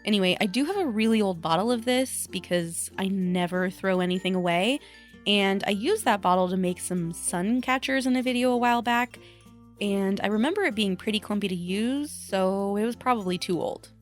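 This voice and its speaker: A woman crafter talking casually to her viewers in a chatty, self-deprecating way, thinking out loud as she works. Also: medium pitch, moderate pace, soft background music. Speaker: craft vlogger. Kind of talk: casual voice-over vlog.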